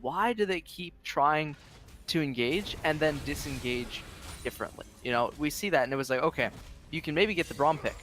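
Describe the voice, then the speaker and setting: A man's voice: on the high side, animated, normal speed, fairly bright tone. A man giving color commentary on an esports match, explaining the play and tagging points with "right?". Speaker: esports analyst.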